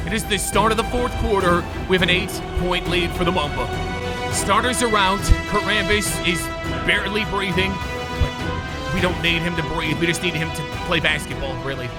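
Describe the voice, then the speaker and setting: A man hosting a gaming video, giving excitable live commentary on his own play and shouting and groaning at the game. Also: high voice, normal speed. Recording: loud game music behind the voice.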